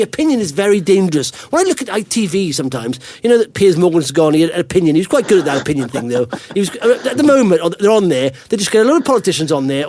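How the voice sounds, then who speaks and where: A middle-aged man hosting a podcast in excitable, animated casual chat, often repeating words. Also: high-pitched, no room sound. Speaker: podcast host.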